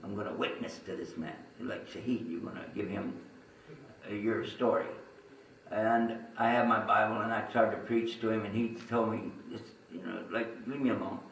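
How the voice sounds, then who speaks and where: Picked up by a distant mic in a roomy space with slight background noise, a Texan religious speaker shares his personal story with an audience, chatty and full of asides. His voice is fairly low, gravelly and a bit bright, with a steady tone at normal speed.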